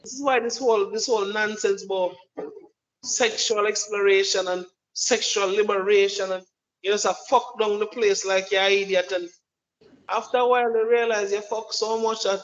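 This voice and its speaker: A man's voice: high-pitched, fairly even intonation, normal speed, a bit bright, dull audio. A man with a Jamaican accent delivering an emphatic, preachy opinion monologue, often repeating his words. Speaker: commentator.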